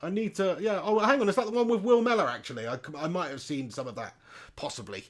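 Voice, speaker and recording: A man hosts a live football watch-along stream, chatting casually, reading viewers' comments aloud, and joking and laughing often. His voice is on the high side and fast.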